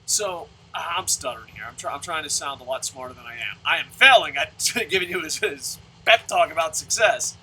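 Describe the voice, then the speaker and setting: Bright-voiced rambling man. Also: on the high side, expressive, moderate pace, hardly any pauses, slight background noise. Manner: rambling, stammers and restarts often. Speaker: channel host. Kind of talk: casual monologue.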